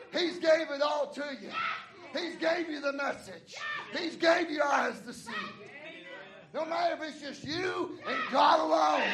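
High-voiced woman preacher shouting a sermon. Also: reverberant. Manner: impassioned, shouting, rhythmic repetition. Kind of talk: Pentecostal-style shouted sermon. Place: church with a congregation. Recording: live church sermon with crowd noise. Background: congregation audible.

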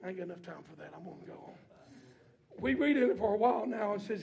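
Male preacher, high gravelly voice, sermon style with call-and-response, swings from low reading to shouting. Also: lively intonation, fast talker.

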